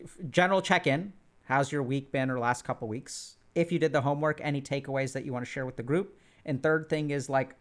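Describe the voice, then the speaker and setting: A man facilitating an online group session, talking casually with many fillers and restarts. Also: mid-range voice.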